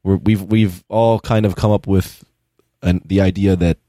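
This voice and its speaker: A man in his thirties with a lowish voice co-hosts a casual podcast. He tells stories haltingly, restarting his sentences often, and the recording is dry and close. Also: fairly even intonation, warm tone, no echo. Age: 30s. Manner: halting, rambling storyteller. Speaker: podcast co-host.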